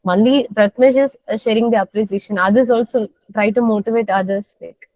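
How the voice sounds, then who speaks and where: A woman teaching a soft skills class, coaxing her students and repeating simple phrases. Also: mid-range voice, brisk, poor audio.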